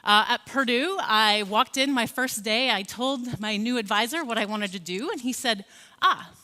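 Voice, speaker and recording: Keynote speaker: American-accented woman in her 40s, bright and forceful, chatty lecture style, reverberant hall. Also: a little high, moderate pace. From Scotland. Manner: friendly, conversational, many fillers and restarts. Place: large conference hall.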